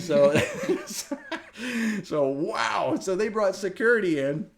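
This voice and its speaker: A middle-aged man from the United States hosting a casual wellness talk, telling stories with animated energy and frequent laughter. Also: sits high, slow, creaky. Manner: animated storytelling, laughs often. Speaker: wellness show host. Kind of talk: casual chat.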